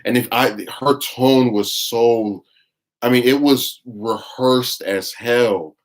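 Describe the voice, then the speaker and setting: A man's voice: mid-range voice, slow pace. A man giving blunt, scornful live-stream commentary, reading viewer chat and rambling with frequent restarts. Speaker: livestream commentator.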